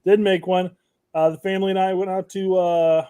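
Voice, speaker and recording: Mellow wisecracking male podcast co-host. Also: high-pitched, level tone, moderate pace, clean tone. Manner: dry, wisecracking, short quips. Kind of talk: casual chat.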